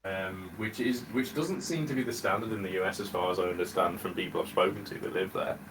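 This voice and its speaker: A British man in his thirties hosts a relaxed gaming podcast with friends. His voice sits a little low, and he talks in a chatty, rambling way with frequent laughs. A faint hiss of room noise stays underneath. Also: fast talker. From United Kingdom. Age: 30s. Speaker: podcast host. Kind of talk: casual chat among friends.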